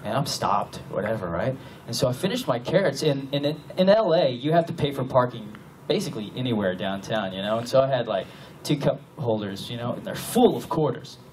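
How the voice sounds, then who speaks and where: A man from the American South, with a medium-pitched, expressive voice, tells a comic story quickly and with hardly any pauses as a guest on a convention panel, often laughing and acting out his own panic. It's captured from a distance in a large hotel convention room with a live audience, so the crowd and noise are loud.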